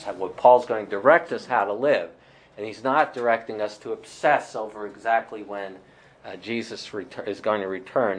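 A man leading a Bible study, talking things through with many fillers and restarts as he explains a passage. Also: on the low side.

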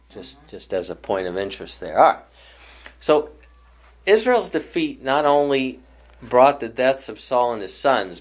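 Bible study teacher thinking aloud. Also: male voice, mid-range voice. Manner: thoughtful, with frequent restarts and pauses. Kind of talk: leading a Bible study class.

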